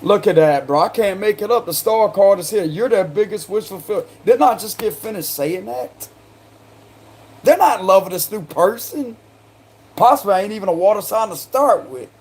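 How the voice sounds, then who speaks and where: A man's voice: high voice, lively intonation, moderate pace, darkish tone, breathy edge. A man with a South Carolina accent doing a casual tarot card reading, slangy and chatty, breaking into laughter. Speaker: tarot reader.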